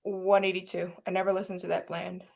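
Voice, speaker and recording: A woman's voice: lowish voice, level tone, a little fast, creaky, a little mellow. A young woman co-hosting a podcast, chatting casually and animatedly, often laughing and mocking people in her impressions. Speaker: podcast co-host. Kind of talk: casual gossip chat.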